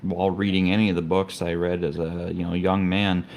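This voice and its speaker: A man with a very low voice talks on a gaming podcast. He speaks haltingly, with many pauses and fillers. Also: level tone, darkish tone, a little hiss or hum. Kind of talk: casual podcast chat.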